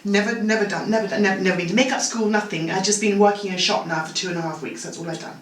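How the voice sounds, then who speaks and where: Speaking from a home bathroom, a woman in her sixties who works as a make-up artist tells lively stories as a guest in a casual chat. Her medium-pitched voice comes rapid-fire, peppered with "you know" and "okay?", and the recording feels distant and roomy, with a faint hum of the room.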